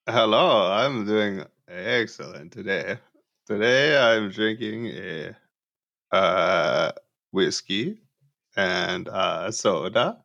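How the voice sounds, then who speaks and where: A man putting on a sluggish, deadpan, mock-accented guest voice, hesitant and flat. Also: fairly low pitch, very slow, vocal fry, highs cut off, full character voice.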